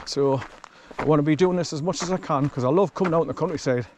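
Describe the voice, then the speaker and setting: A man in his sixties talking casually and rambling a bit while walking through quiet countryside. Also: fairly high pitch, fast talker, background noise. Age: 60s. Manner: rambling and chatty, swears casually. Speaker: vlogger.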